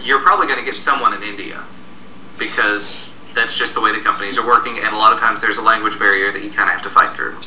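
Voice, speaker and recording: Bright-voiced man, far from the mic. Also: fairly low pitch, quick pace. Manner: relaxed storytelling with fillers. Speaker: co-host. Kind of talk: casual tech chat. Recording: distant, echoey room with faint noise.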